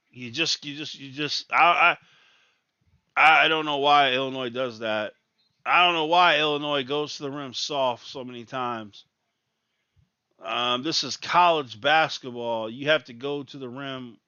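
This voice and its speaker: A man's voice: mid-range voice, unhurried, pushed and bright, smooth, no echo, dull audio. A man ranting in exasperation as he reacts live to a college basketball game, repeating his complaints. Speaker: sports talk host.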